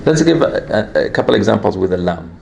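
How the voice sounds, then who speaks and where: A man's voice: on the low side, sing-song, brisk, vocal fry, a little mellow. A man teaching a classroom lesson on Quran recitation, explaining patiently step by step with repeated examples. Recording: echoey room, light background hum.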